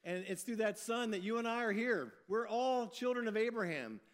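A pastor preaches in a folksy, upbeat way. His voice sits high for a man, and he often restarts his phrases as he goes. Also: animated, moderate pace. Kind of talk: sermon.

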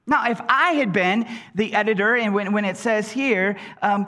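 Lively high-voiced male preacher. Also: normal speed, hardly any pauses. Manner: animated, acts out quoted prayers in changing voices; conversational, with frequent word repeats. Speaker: pastor. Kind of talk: sermon.

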